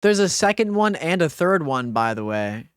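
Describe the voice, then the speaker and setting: A woman's voice: deep voice, very animated, moderate pace, smooth, no room sound, studio quality. A woman streamer giving live gaming commentary, reading dialogue choices aloud and swearing in dismay.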